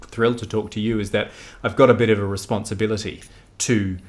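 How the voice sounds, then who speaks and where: Animated man in his forties, news anchor. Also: lowish voice, fast talker. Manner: animated, emphatic, self-correcting. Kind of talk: conversational interview.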